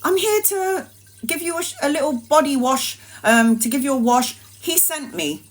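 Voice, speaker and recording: A woman voicing a tiny, cheerful woman nurse who offers a wash, in a sweet, high, chirpy voice. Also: expressive, moderate pace.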